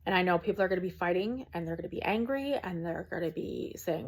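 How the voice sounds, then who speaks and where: A woman's voice: lowish voice, expressive, quick pace, few pauses, husky. A woman, a small content creator, talking to camera from home in an earnest, preachy rant with frequent ums.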